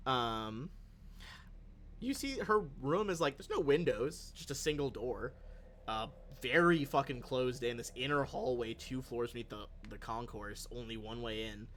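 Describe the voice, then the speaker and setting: Rambling, animated game master man. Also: mid-range voice, a little slow. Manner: loose, filler-heavy, thinking aloud. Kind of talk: live-streamed tabletop game narration.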